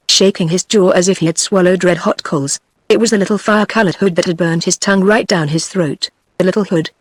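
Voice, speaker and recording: This is a synthetic female voice with a British English accent, reading a fairy tale audiobook. The delivery is even and mechanical, the pitch fairly low, and the recording dry.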